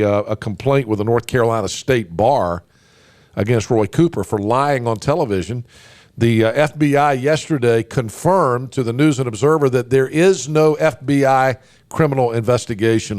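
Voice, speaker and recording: Opinionated talk radio host. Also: male voice, medium pitch, a little mellow, no echo. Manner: folksy, emphatic, many fillers and restarts. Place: radio studio. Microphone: studio microphone.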